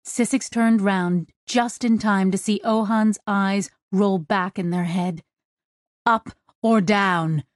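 Woman, audiobook narration, slow, even, dry studio sound. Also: mid-range voice, no echo. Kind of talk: scripted narration.

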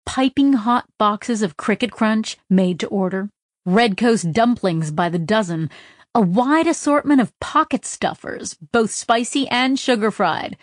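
A woman reading a story aloud as narrator, with steady storytelling. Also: a little high, measured pace, no echo, clean studio sound. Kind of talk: audiobook narration.

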